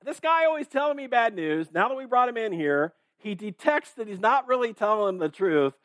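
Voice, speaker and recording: A man's voice: high voice, sing-song, brisk, fairly bright tone, dry recording, studio quality, voice pushed up. A man putting on an exasperated king. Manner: frustrated, exclaiming. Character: exasperated king demanding the truth, male adult.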